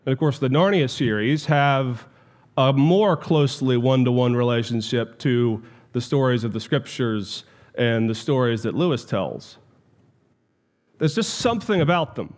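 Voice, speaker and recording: A man lecturing as a theology professor, telling stories reflectively with deliberate pauses. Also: mid-range voice, darkish tone.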